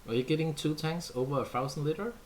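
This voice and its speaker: A fast-talking Danish man with a voice on the high side hosts a livestream, chatting casually with viewers and answering them. He speaks Danish natively and keeps things playful with many fillers. A slight hiss or hum runs under the audio.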